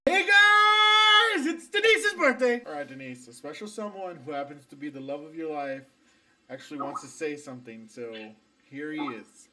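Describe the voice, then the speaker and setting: A man's voice: medium pitch, brisk, heavy background noise. A man casually introducing a friend's birthday message. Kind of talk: casual hurried chat.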